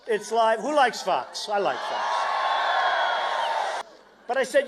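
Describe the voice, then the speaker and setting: Boastful man shouting a rally speech. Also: high voice, big pitch swings, takes it slowly, long pauses. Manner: boastful, rambling, shouted asides to the crowd. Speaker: political candidate. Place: large outdoor stadium rally.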